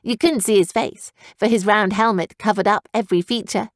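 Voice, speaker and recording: A woman narrating a young adult fantasy audiobook in a steady storytelling manner. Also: medium pitch, brisk, no echo, clean studio sound. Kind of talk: scripted narration.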